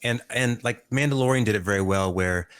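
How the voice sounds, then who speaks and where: Low-voiced, measured male podcast co-host. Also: a crowd in the background. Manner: measured, opinionated, repeats words as he thinks. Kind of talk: casual chat.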